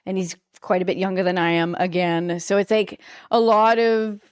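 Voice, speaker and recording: Chatty, animated woman in a dry room. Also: lowish voice, moderate pace, clean tone, no echo. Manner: animated storyteller, swears, giggles often. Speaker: guest. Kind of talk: casual chat.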